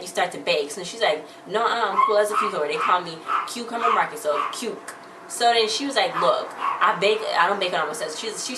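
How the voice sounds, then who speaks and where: A woman's voice: lowish voice, a bit bright, recorded from a distance. A young woman casually recapping a TV episode, rambling along and acting out the characters' lines. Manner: rambling retelling with acted-out quotes. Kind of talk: casual chat. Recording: roomy echo, faint background noise.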